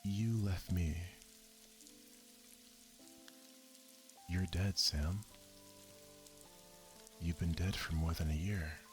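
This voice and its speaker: A man voicing a sorrowful young woman who gently pleads with her lost lover, in a soft whispered role-play. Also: low voice, fairly even intonation, slow pace, soft background music. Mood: grieving.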